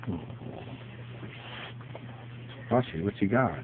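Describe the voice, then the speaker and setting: A man's voice: lowish voice, animated, unhurried, background noise. A man filming his dogs at home, talking to them in a teasing, sing-song baby-talk voice. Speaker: pet owner filming his dog. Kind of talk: casual home video talking to pets. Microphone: phone camera. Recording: tinny lo-fi phone recording.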